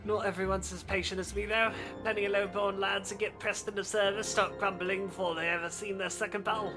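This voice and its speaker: A woman reading aloud as a gruff, weary low-born male soldier in a video game, speaking in rough folksy speech. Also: flat delivery, fairly quick, music in the background, close to an everyday voice. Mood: blunt.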